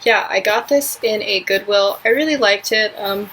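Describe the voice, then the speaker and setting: Young woman, from New York, vlogger, casual rambling chat, bright tense voice, mid pitch. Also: moderate pace, a little hiss or hum, low-quality recording. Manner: rambling, heavy on filler words.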